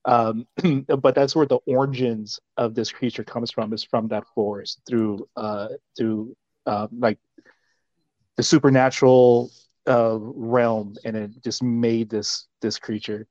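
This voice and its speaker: Man, podcast co-host, halting with filler sounds, muffled dull audio, dry. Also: medium pitch, steady tone, a little mellow, no echo. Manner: hesitant, many "uh"s and restarts. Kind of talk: casual chat.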